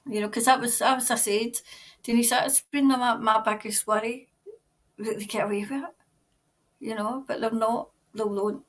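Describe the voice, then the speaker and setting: Reading through viewer comments during a relaxed tarot livestream, a Scottish woman chats in a meandering way at normal speed. Her fairly high voice stays fairly even in intonation, broken up by frequent laughs and plenty of "like" and "you know" fillers.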